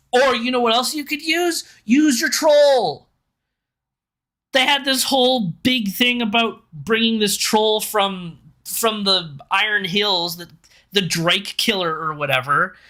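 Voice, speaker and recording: A bright, forward voice of a live review streamer talking loosely into a desk mic. The delivery is animated and incredulous, with frequent laughs and rising disbelief. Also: mid-range voice.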